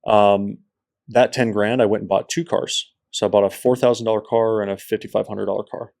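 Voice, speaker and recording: Gravelly low-voiced man telling a story. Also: fairly quick. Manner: animated storyteller who acts out quoted people. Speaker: entrepreneur guest. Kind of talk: storytelling interview.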